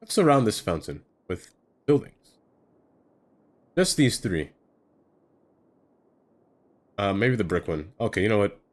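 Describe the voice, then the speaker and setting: Low-voiced man rambling while he builds. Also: sing-song, a little slow, pauses often. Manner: rambling, self-talking, trails off with fillers. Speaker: streamer. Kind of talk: casual live-stream commentary while building.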